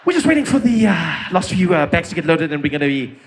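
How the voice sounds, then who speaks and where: A man voicing a smooth-talking male airline pilot who keeps breaking his announcement with breathy pauses and "uh"s. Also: fairly high pitch, sing-song. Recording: reverberant hall with faint noise.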